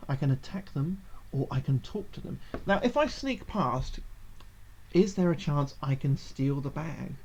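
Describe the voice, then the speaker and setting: A man's voice: fairly high pitch, darkish tone, dull audio, slight background noise. A man streaming a game, thinking aloud and reading its text in a narrator's tone. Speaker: gaming streamer.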